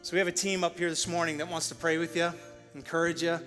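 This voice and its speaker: Pastor guy telling a story in church, bit higher voice, echoey big room. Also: level tone, fast talker, fairly bright tone, soft background music. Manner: storytelling, playful voices for quotes. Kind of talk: sermon closing story. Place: church auditorium. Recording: large church hall with reverb.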